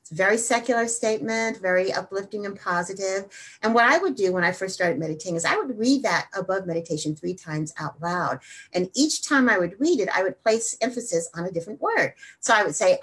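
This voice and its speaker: A woman hosting a wellness show, talking energetically and then slowing down to guide a simple meditation. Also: medium pitch, animated, fairly bright tone. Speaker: wellness host.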